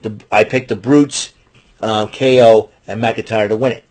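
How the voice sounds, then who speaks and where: A man's voice: fairly low pitch, fairly even intonation, unhurried, a little mellow. A man hosting his own wrestling show, recapping matches and giving picks in a rambling, chatty way. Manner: rambling, chatty, restarts and fillers. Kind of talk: casual solo recap and predictions.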